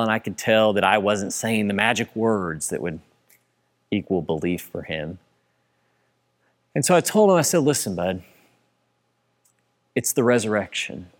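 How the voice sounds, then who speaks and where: A man preaching a sermon in a church, building to excited passages and then dropping low and quiet. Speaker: pastor.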